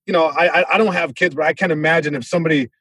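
A young man tells a story on a podcast, acting out other people with sudden loud bursts. His voice sits a little high and has a husky grain. The sound is dry and close, with no room around it. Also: steady tone, racing, no room sound. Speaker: comedian guest. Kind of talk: casual storytelling.

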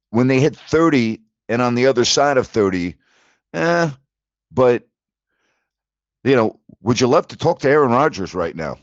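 A man's voice: medium pitch, dry recording, dull audio. A man hosting a sports talk show, ranting in disbelief about the latest league news. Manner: animated, incredulous ranting. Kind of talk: sports talk radio monologue.

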